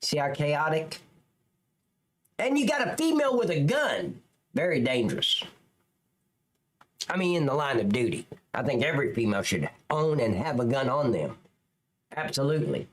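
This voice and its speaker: A sarcastic male commentator with a higher, very animated voice that jumps around as he mocks what he is watching. He swears freely and sounds scornful. A faint hiss sits under the recording. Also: moderate pace, long pauses. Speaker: commentator reacting to police footage. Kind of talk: profane video commentary.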